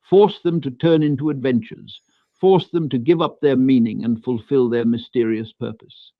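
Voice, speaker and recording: A computer-generated male voice reading a classic essay aloud in a measured, even delivery. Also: mid-range voice, no echo, highs cut off. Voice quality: measured, smooth synthetic delivery. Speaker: AI text-to-speech reader.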